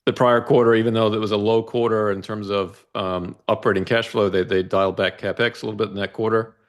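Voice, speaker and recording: Low-voiced man explaining financial charts. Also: little pitch movement, quick pace. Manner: explanatory, methodical, asks "right?" to check understanding. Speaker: investment analyst guest. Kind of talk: casual financial discussion walking through charts.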